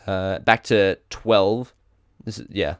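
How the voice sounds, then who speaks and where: A man's voice: fairly low pitch, steady tone, takes it slowly, clean tone, dry recording, clean studio sound. A man with an Australian accent co-hosting a casual podcast, reading out a list and stumbling over hard names with small self-corrections. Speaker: podcast co-host.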